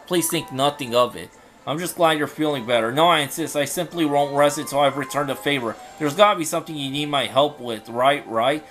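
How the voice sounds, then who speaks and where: A man doing a cheerful male fox spirit from a fantasy game, bouncy and childlike. He is easily distracted and a little naive, and he is given a slightly raised pitch over faint music. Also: brisk, fairly bright tone, close to an everyday voice. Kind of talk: fan dub of game dialogue.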